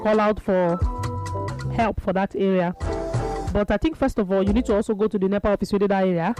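A man's voice: high voice, fairly even intonation, fairly quick, music in the background, rough recording. A man with a Nigerian Pidgin accent hosting a call-in radio talk show, chatting and reading out listeners' texts. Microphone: studio microphone.

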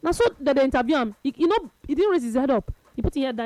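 A woman with a Nigerian accent hosting a radio chat show, telling stories in a lively, playful way. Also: high-pitched, racing, no echo. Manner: lively, laughing, playful storytelling. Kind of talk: casual chat in Nigerian Pidgin and English.

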